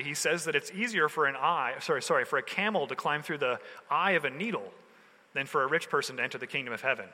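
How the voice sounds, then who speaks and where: A man's voice: a little high, bright, forceful tone. A male pastor giving a sermon in a loose, conversational way, full of everyday slang. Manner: casual, conversational preaching with slang. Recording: long hall reverb.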